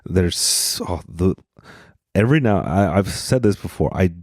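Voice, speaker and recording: Male podcast host from Utah, low voice, mellow tone, rambling self-deprecating comedy monologue, dry close sound. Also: lively intonation, a little slow, dry recording.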